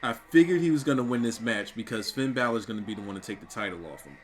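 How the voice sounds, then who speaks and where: A young man reacting live on camera for his review channel, stunned and repeating exclamations, with bursts of shouting. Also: mid-range voice, lively intonation, quick pace, a little hiss or hum. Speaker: wrestling reviewer.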